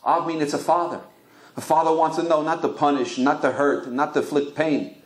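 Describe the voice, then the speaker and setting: Storytelling rabbi, higher-pitched man. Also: level tone, a little fast. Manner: storytelling with many anecdotes; frequent repeated restarts. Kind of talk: Torah lecture.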